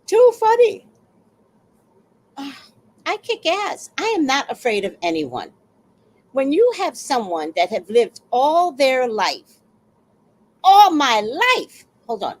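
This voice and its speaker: Fiery, animated woman in her sixties. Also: high voice, a little slow. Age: 60s. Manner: blunt and fiery, with swearing and sudden loud outbursts. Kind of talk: casual storytelling livestream.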